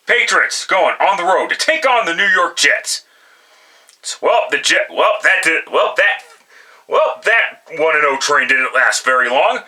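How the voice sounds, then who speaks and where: A sports picks vlogger gives blunt, profane football picks in casual solo commentary, frequently restarting his sentences. His voice is on the high side, pushed and bright, and the recording is rough.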